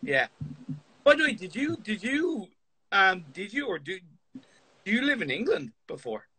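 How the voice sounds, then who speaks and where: A man's voice: sits high, big pitch swings, moderate pace, bright, forceful tone, breathy edge, rough recording. A man interviewing a guest on a live stream in an eager, playful way, often stammering and restarting his questions.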